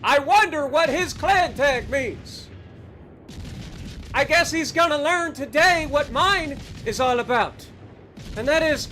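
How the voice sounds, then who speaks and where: High, bright-voiced excitable male streamer. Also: slow, slight background noise. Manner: excitable, yelling battle cries; hammy mock German delivery. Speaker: game streamer. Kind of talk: live gameplay commentary.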